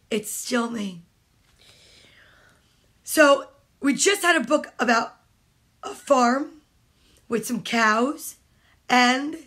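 A woman's voice: sits high, fairly bright tone. A woman at home reading picture books aloud to children, playful and chatty, speaking straight to the kids. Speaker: storytime host.

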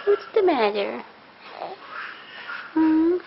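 Filming her family indoors at home, a woman talks in a high, very animated, creaky voice at an extremely slow pace. She chats plainly, coos to a baby and scolds her kids. The home video is dull and lo-fi with background hiss.

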